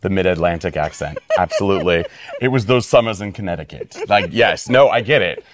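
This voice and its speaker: Fast-talking, animated male interviewer. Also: deep voice. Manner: enthusiastic, effusive praise and long rambling questions. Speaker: podcast host, interviewer. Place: venue hall.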